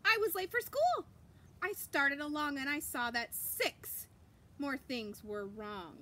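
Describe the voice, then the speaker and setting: Very high-voiced, animated woman reading to kids. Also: slow. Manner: animated, gasping, exclaiming, asking the listener questions. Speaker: children's story reader. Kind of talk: reading a picture book aloud to children.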